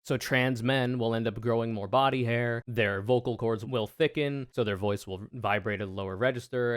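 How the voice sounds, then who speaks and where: A man streaming casual reaction commentary, sarcastic and profane, ranting with animated energy. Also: fairly low pitch, smooth, no echo, clean studio sound. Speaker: streamer reacting to debate clips.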